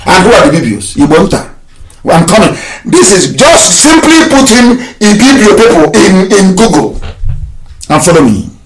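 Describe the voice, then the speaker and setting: A Nigerian man giving a fiery, mocking solo broadcast, laughing often and shouting insults. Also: high voice, big pitch swings, moderate pace. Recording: echoey room with faint noise.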